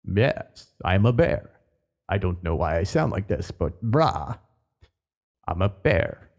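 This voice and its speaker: A man voicing a laid-back male bear in a slow, low drawl. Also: very animated, a little mellow, heavily acted.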